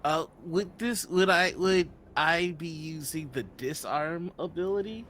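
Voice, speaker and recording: Hesitant male player, higher voice. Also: measured pace, a bit bright, slight background noise. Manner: hesitant, checks rules. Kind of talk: tabletop role-play.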